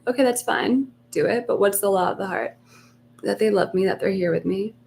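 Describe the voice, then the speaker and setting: A woman talks her listeners through a live meditation session in a soft, unhurried, reassuring way, at times sinking nearly to a whisper. Her voice sits in a middle register. A faint hum runs under the recording. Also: mid-range voice, gravelly. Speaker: meditation coach. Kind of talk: live-streamed guided meditation talk.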